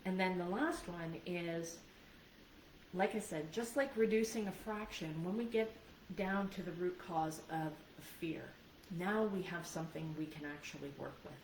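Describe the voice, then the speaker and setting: A woman's voice: on the low side, normal speed. A woman coach giving a live video training in an earnest, conversational manner, often checking in with her listeners. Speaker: life and business coach. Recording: roomy sound from a distant mic, faint background noise.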